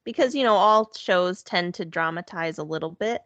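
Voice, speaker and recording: A woman's voice: on the low side, a bit bright, no echo, muffled recording. A woman co-hosting a podcast, chatting casually, agreeing readily and reading items aloud. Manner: agreeable, reads quotes aloud, quick back-channel replies. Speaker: podcast co-host. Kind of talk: casual chat.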